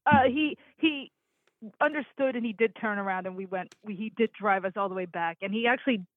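A woman's voice: mid-range voice, a little fast, no echo. Regular caller lady, laughs a lot telling her story, thin phone line sound. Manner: laughs often while telling stories. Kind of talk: casual call-in chat.

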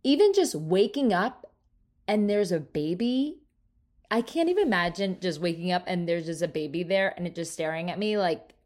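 A woman in her thirties, from New Jersey, hosting a solo podcast in a casual, animated and self-mocking way, with free swearing. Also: on the low side, normal speed. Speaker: podcast host.

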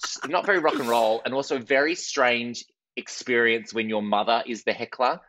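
A man's voice: mid-range voice, lo-fi sound, very noisy. A thirty-year-old Australian man, a comedian telling self-mocking stories in a casual interview. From Western Australia. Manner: quick, self-mocking storyteller who acts out quotes. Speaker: comedian guest.

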